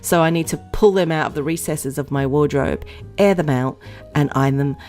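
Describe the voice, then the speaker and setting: A woman with a notably low, deep speaking voice chats to her viewers in a loose, rambling way, full of ums and little laughs. Soft music plays faintly behind her. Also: fairly quick. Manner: rambling, chatty, many fillers and giggles. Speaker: vlog host. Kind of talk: casual chat to camera.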